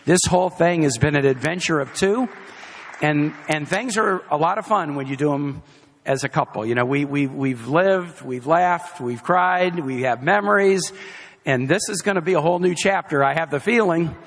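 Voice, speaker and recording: A man's voice: on the high side, moderate pace, fairly bright tone, long reverb tail. Emphatic man giving a rally speech. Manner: emphatic, repeats phrases for effect. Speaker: political campaign speaker. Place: outdoor or hall campaign rally with a crowd. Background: faint crowd.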